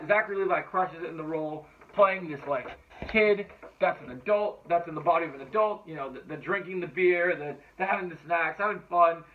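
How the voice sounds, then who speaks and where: A man giving casual, enthusiastic movie-ranking commentary, rambling and swearing freely. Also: sits high. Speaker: movie reviewer. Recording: tinny phone-like sound, distant from mic.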